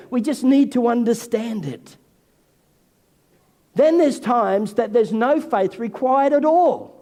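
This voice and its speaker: A man, senior pastor, preaching a sermon in an animated way and acting out the voices of figures from scripture. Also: very high-pitched. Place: church hall. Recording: long hall reverb.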